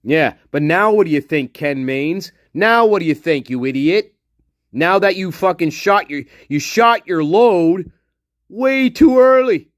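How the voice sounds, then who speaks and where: A man's voice: on the high side, expressive, a little slow, no room sound, studio quality. Profane, ranting man on a livestream. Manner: muttering while reading chat. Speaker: livestream host. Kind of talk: casual livestream chat.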